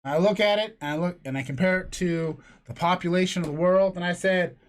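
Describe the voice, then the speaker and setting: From a room in his home, apart from his co-host, a middle-aged podcast host tells long, profane, rambling stories in casual chat. His voice sits high and he talks fast.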